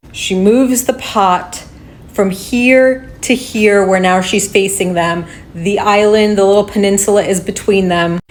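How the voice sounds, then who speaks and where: A woman giving a casual, heated recap of a video, swearing often and acting out what people said. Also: medium pitch.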